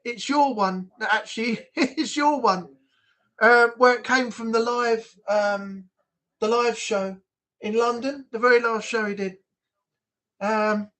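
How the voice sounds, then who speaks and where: A man's voice: sits high, sharp tone. A man from the United Kingdom hosting a casual livestream chat, rambling and blunt. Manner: rambling, chatty, blunt, with frequent restarts. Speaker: livestream host. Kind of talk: casual live chat reading comments.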